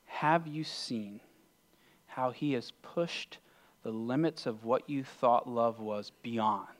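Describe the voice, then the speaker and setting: Pastor, male, mid-pitched voice; earnest sermon delivery that swings from loud urging to hushed near-whispers. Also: takes it slowly. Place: church sanctuary.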